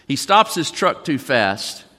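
A pastor preaches to his congregation in a church sanctuary, folksy and conversational, reading song lyrics aloud. His medium-pitched voice is sing-song, slow, pushed and bright, and the hall's long reverb fills the recording.

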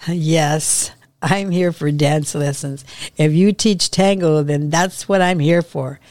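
A woman reading the lines of a nervous, smitten young man in her own low, unhurried voice. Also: steady tone, darkish tone, no room sound, clean studio sound. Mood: earnest.

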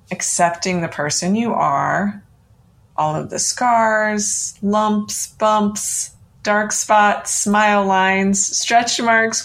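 A middle-aged woman hosting a podcast, gently and encouragingly guiding listeners through a self-love exercise. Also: mid-range voice, creaky. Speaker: podcast host.

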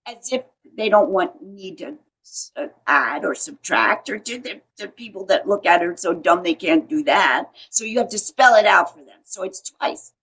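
A woman's voice: medium pitch, animated, normal speed, fairly bright tone, slightly rough. A woman in her eighties, a veteran actress, chatting as an interview guest and telling stories with frequent restarts. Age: 80s. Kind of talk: casual interview chat.

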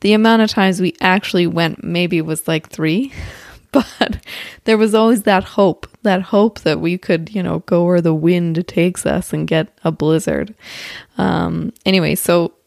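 Female host, easygoing monologue, fry in a lowish voice. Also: fairly even intonation, unhurried, darkish tone, no room sound, studio quality. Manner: chatty, laughs often, self-correcting. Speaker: podcast host. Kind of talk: casual spiritual monologue. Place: outdoors or near open window with birds.

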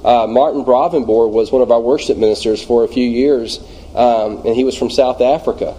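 Mellow-voiced Louisiana man teaching Bible study. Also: mid-range voice, steady tone, rough recording. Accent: Louisiana Southern US. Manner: halting, many fillers and restarts. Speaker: church minister leading a Bible study.

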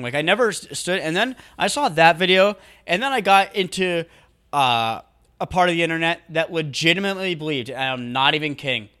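A young man with a New Hampshire accent talks in casual podcast chat, rambling and incredulous with plenty of fillers. His voice is bright and a little high for a man. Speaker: podcast co-host.

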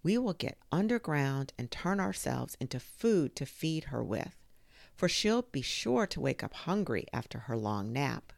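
A woman's voice: a bass voice, big pitch swings, unhurried, vocal fry, no echo, studio quality, exaggerated voice. Woman doing tiny loving fallen leaves.

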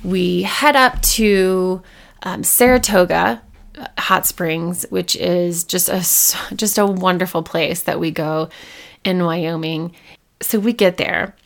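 A woman's voice: fairly low pitch, fairly even intonation, slow pace, vocal fry. A woman podcast host telling a personal story in a casual monologue, acting out her own past lines with big jumps in her voice.

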